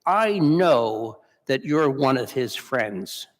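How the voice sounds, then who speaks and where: A male preacher voicing a young servant woman who forcefully accuses someone. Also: medium pitch, animated, slow pace. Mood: forceful accusing. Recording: long church reverb.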